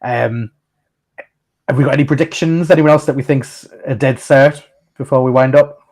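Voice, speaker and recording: A man's voice: mid-range voice, steady tone, moderate pace, a little mellow. A man hosting a casual podcast chat, telling stories in a rambling, chatty way. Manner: chatty storyteller, frequent restarts and laughs. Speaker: podcast host.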